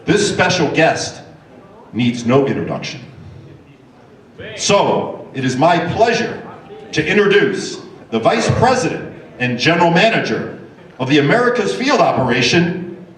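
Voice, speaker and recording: A man hosting a live stage talk show, introducing guests with frequent filler pauses. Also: on the high side, big pitch swings, fairly bright tone. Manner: hesitant, many filler pauses. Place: large event hall with audience. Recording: echoey hall from far off.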